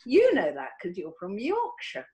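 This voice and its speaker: Older woman from Cornwall, animated storytelling voice, video call interview. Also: moderate pace, poor audio. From Cornwall, England. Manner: warm storytelling with lively pitch, many restarts. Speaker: actress guest.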